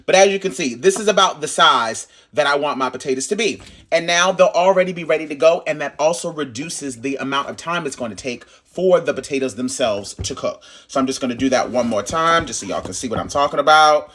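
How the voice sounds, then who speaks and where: A young man hosting a casual cooking lesson, talking straight to his viewers in a lively, emphatic way. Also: a little high, brisk, hardly any pauses. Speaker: cooking channel host.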